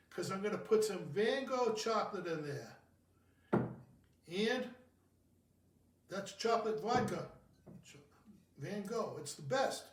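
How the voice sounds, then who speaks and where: A man with a high, light voice rambles and jokes about himself while mixing a cocktail at home. He sits back from the microphone, so the kitchen's echo rings around his talk. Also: distant mic. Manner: jokey, rambling, self-mocking. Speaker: cocktail show host. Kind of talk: casual home cocktail video. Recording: roomy, from off the mic.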